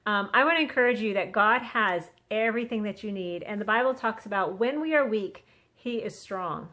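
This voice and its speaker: A woman's voice: medium pitch, moderate pace, pushed and bright. A middle-aged woman talking earnestly into a phone on a selfie stick, sharing a casual Christian encouragement. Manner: chatty, earnest, acts out quotes. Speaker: vlogger sharing a devotional.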